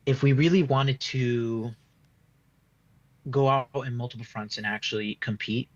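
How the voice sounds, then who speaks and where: A man's voice: mid-range voice, a bit bright, no room sound, highs cut off. A man giving a casual post-match fan reaction, rambling and frustrated, full of restarts and "like" fillers. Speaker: football fan being interviewed.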